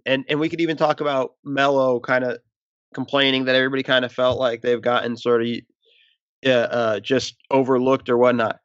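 A man's voice: medium pitch, fairly bright tone, dry recording, muffled recording. A man co-hosting a casual sports podcast, rambling and restarting his sentences as he talks. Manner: rambling, restarts often, self-aware about stuttering. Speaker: podcast co-host.

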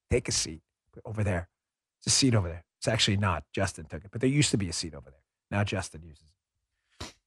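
A man's voice: medium pitch, dry recording. A male host talks close to a dry studio mic in a mid-range voice. He delivers political commentary emphatically and with sarcasm. He often drifts into rambling asides. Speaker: podcast host.

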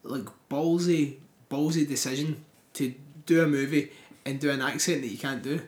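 A man's voice: mid-range voice, moderate pace. Man telling stories, echoey room. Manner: animated storytelling, swearing and laughing. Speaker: podcast co-host. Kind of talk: casual chat.

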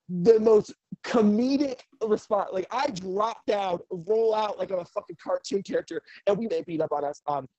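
Woman wrestler, casual profane storyteller, animated delivery, dry close sound. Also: fairly low pitch, no echo, muffled recording. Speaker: professional wrestler.

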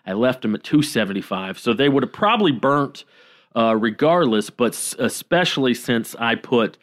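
A man co-hosting a podcast, telling a story in a relaxed way with many pauses and self-deprecating laughs. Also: medium pitch. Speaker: podcast co-host. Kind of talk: casual chat.

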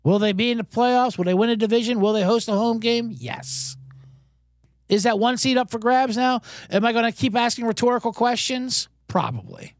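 A man's voice: very high voice, normal speed, no echo, clean studio sound. A man hosting a sports betting show, rambling casually and poking fun at himself with rhetorical questions. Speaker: host.

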